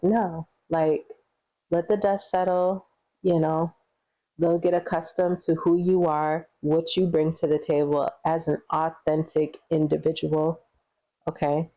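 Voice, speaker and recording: Woman, tarot reader, low mellow voice, slow and rambling, dull lo-fi sound. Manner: chatty, giggly, rambling with many fillers; sings song snippets between readings. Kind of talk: casual tarot reading chat.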